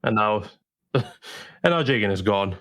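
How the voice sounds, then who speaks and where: A man co-hosting a podcast, chatting casually in an animated, insistent way. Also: lowish voice, a little slow. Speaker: podcast co-host.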